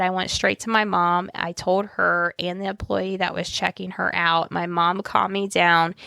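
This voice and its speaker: A woman's voice: on the low side, creaky, fairly bright tone, no room sound. A woman co-hosting a podcast, reading listener posts aloud and chatting casually. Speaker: podcast co-host.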